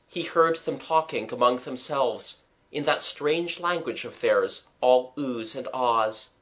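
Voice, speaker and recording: An unhurried storyteller reads a children's audiobook aloud. The delivery is slow and very expressive, with a lively, rising and falling voice that carries the tale. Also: medium pitch. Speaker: audiobook narrator.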